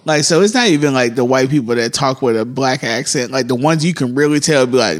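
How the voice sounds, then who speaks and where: A man co-hosting a podcast in casual, rambling chat, easygoing and quick to laugh. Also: mid-range voice. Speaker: podcast co-host.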